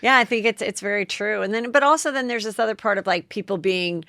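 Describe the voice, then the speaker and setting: A woman's voice: mid-range voice, fast, bright, forceful tone, no room sound. Female podcast host, conversational, dry close mic. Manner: chatty, lots of "like" and "you know". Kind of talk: casual chat.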